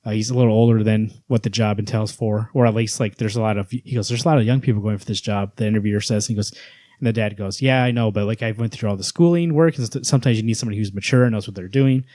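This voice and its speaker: A man with a fairly low voice in a casual podcast chat, recorded dry and close. He talks with enthusiasm and acts out quoted lines as he retells scenes. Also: racing, warm tone, no echo. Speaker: podcast co-host. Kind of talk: casual comic book chat.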